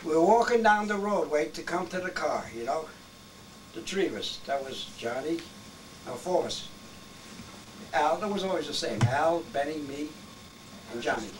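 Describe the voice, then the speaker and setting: An elderly man in his eighties spins rambling, salty old stories and keeps chuckling as he goes. His voice sits a touch high. He is caught from across the room on a home video, with clear noise behind him. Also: animated, normal speed, long pauses. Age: 80s. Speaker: grandfather telling old stories. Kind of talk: casual storytelling. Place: family birthday gathering at home. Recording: distant home-video recording with background noise.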